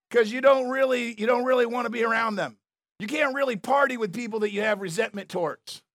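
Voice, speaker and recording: Speaking a little fast in an extremely high, fairly bright voice, a pastor delivers an emphatic, conversational sermon. He keeps repeating his key phrases and making asides to the crowd, and the studio-quality recording has no echo.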